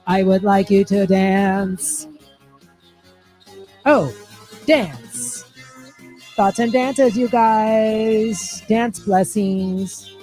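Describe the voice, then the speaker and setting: A man's voice: sits high, dark tone, pitched above the performer's own voice. A man voicing a ditzy, bubbly young woman influencer who fills every phrase with "like", in a comedy livestream bit. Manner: valley-girl talk, every phrase padded with "like".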